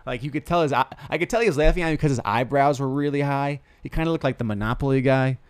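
A man's voice: medium pitch, quick pace, smooth, dry recording. A young man hosting a podcast, telling rambling self-deprecating comic stories with lots of stammered restarts. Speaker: podcast host. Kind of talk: casual comedic monologue.

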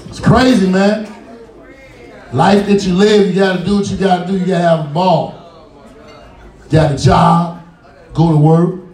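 A man doing a stand-up comedy set on a cafe stage, loud and profane, acting out characters as he goes. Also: high voice, steady tone, moderate pace, pauses often. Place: music cafe stage with live audience. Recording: roomy, distant live club recording.

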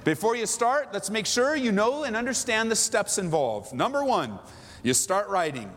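A man putting on a brisk, orderly leader who counts out his steps. His voice jumps high and lively in a large echoey hall with faint noise. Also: heavily acted. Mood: directive. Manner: brisk, orderly, numbered instructions. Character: brisk step-by-step instructor.

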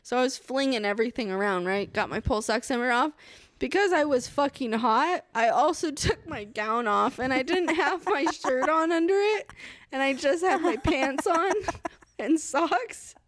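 Animated woman podcast co-host. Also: high voice, moderate pace, no room sound, clean studio sound. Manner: animated storytelling, laughing, swearing. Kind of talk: casual chat.

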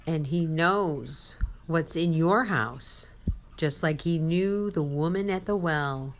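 A woman's voice: low-pitched, slow pace. A woman giving a sermon-style testimony, telling a personal story with quoted dialogue and speaking to the listener.

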